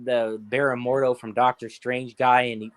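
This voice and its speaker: A man co-hosting a casual podcast chat, rambling and swearing as he tells stories in an animated way. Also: mid-range voice, normal speed, smooth. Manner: profane, rambling, animated storytelling. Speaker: podcast co-host.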